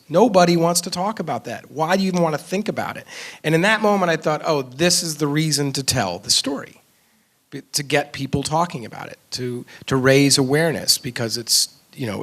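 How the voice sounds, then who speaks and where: On stage at a film festival event, a film director discusses his film in conversation before an audience. His fairly high, fairly bright voice is earnest and reflective, with frequent pauses, restarts, and fillers.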